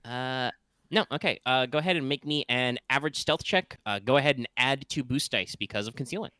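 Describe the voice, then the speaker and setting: Game master, male, bright and crisp, rambling tabletop narration. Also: mid-range voice, brisk, no echo. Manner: loose, chatty narration with fillers and sound effects.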